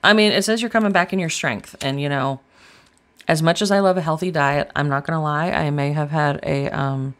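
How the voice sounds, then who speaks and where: A woman's voice: low voice, a little fast. A woman giving a casual tarot reading, chatty and blunt, swearing freely as she talks straight to viewers. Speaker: tarot reader.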